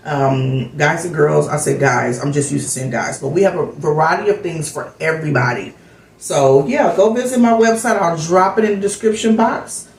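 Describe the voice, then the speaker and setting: A woman's voice: low voice, normal speed, a little mellow, echoey room, low-quality recording. A middle-aged woman vlogger chatting candidly and telling a personal story in a casual way. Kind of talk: casual chat vlog.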